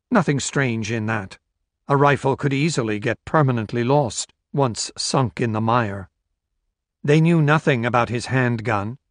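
In studio-quality audio with no room sound, a man reads a novel as audiobook narration. His mid-range voice stays measured and even.

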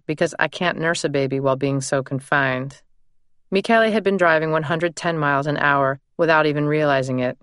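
A woman narrating her own memoir in a measured, deliberate first-person reading. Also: deep voice, a bit bright, clean tone, no room sound, studio quality.

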